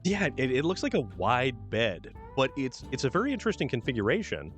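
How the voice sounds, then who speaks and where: A man's voice: medium pitch, huge pitch swings, fairly quick, a bit bright, faint music behind. Chatty man hosting a game stream. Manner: chatty, reads truck descriptions aloud. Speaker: streamer host. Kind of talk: casual gameplay chat.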